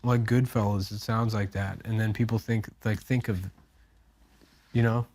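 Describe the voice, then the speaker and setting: A man co-hosting a comedy podcast, talking in a rambling, halting, self-deprecating way. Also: fairly low pitch, steady tone, a little mellow. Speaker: podcast co-host. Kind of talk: casual comedic banter.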